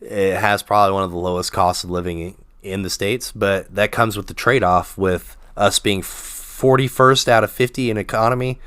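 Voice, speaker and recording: A man's voice: lowish voice, steady tone, normal speed, hardly any pauses, a bit bright, smooth, no room sound, studio quality. A man from Arkansas on a podcast, talking casually and laid-back, swearing and laughing often. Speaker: podcast co-host. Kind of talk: casual chat.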